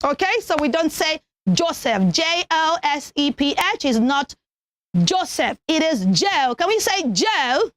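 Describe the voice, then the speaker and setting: A young woman presenting a children's TV pronunciation lesson, enunciating slowly and deliberately and cheering the kids on. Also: high-pitched, expressive, no echo. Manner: slow, deliberate teacherly enunciation, encouraging.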